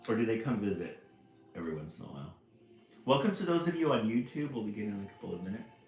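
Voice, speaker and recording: A man's voice: big pitch swings, quick pace, darkish tone. Cheery man hosting a livestream chat. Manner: cheery, pitch jumps up when greeting people by name. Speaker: livestream host. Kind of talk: casual livestream chat greeting viewers. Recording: roomy echo with faint music behind.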